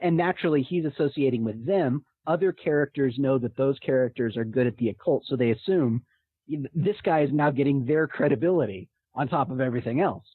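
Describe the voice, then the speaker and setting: A man telling a tabletop gaming story in a casual, animated way, often laughing. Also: mid-range voice, breathy edge, no room sound. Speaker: podcast guest; game master telling a story. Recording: tinny phone-like line.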